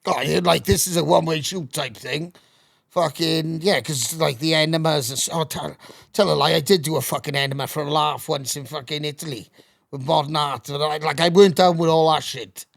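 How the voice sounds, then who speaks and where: A middle-aged man, a podcast guest, telling animated anecdotes and swearing constantly in casual storytelling. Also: a little high, brisk, gravelly, dry recording, studio quality.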